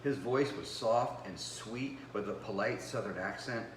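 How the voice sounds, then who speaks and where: A man, the author and host, reading his own noir novel aloud in a measured first-person storytelling voice, recorded in a home kitchen. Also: fairly low pitch, background noise. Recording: roomy with faint background ambience.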